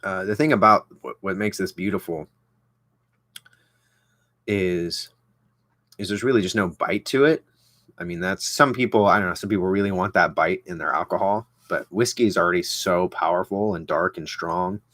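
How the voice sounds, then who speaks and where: A man's voice: deep voice, moderate pace, a bit bright, no echo. A young man chatting casually as he unboxes and tastes a whisky, rambling with lots of fillers and restarts. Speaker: vlogger reviewing whisky.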